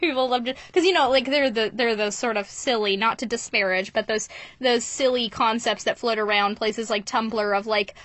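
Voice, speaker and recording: A woman's voice: a little high, normal speed, fairly bright tone, dry recording. A woman in casual podcast chat, enthusiastic and laughing often as she retells scenes. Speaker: podcast co-host.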